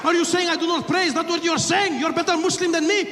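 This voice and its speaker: A comedian voicing an indignant male passenger who scolds loudly and fires off nagging questions. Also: very high-pitched, lively intonation, fairly quick, voice pushed up. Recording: reverberant live hall with audience noise.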